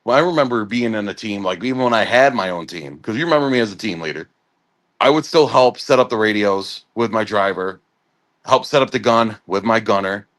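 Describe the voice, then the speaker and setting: A man's voice: lowish voice, brisk, fairly bright tone. A man in casual chat who explains army gear and jokes along. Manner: explanatory, joking. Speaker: army veteran co-host.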